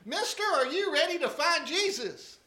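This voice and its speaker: A man voicing an impatient male preacher in a told joke, asking loud, pressing questions. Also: extremely high pitch, expressive, normal speed, voice pushed up, heavily acted. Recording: echoey room.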